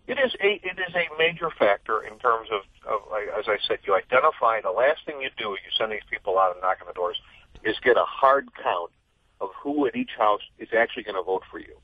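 A man's voice: fairly low pitch, lively intonation, a little fast. A middle-aged man, a political correspondent, explaining things in an interview and restarting his sentences often, heard over a telephone line. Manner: fluent but full of restarts and "I mean". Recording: husky tinny phone line.

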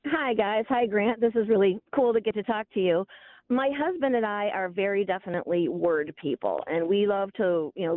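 A woman's voice: medium pitch, no echo. A woman calls in to a radio show and chats eagerly, giggling as she goes. Her voice comes over a narrow, tinny phone line that sounds dry. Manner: chatty and giggly. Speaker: caller.

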